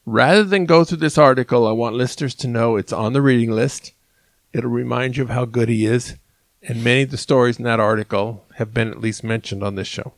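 A male podcast host who introduces each segment and hands questions to his guest. His voice sits at a middle pitch. The sound is dry and close to the mic. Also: brisk, dry recording. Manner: steady, segues between topics. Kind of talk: hosting a talk show.

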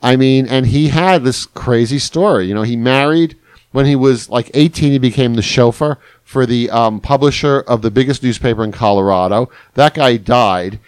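A man talking as a podcast guest, spinning long anecdotes in a loose, rambling way with lots of restarts. His delivery is animated and casual. The sound is dry and close, with no room around it. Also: medium pitch, normal speed, smooth, dry recording. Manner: rambling, animated anecdote telling with crude quotes. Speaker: journalist guest. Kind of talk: casual storytelling chat.

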